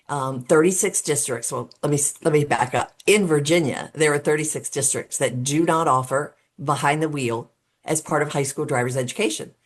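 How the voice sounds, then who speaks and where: Low-voiced middle-aged woman explaining earnestly. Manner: earnest and explanatory, with frequent um fillers; talks through steps as if laying out a case. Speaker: guest, road safety advocate. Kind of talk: podcast interview conversation.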